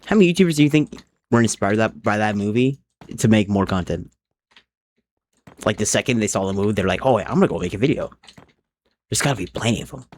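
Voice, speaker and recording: A man's voice: lowish voice, expressive, quick pace, pauses often, a little mellow, a little hiss or hum. A young man chatting casually on a live stream while he plays a game, thinking aloud and rambling from one thought to the next.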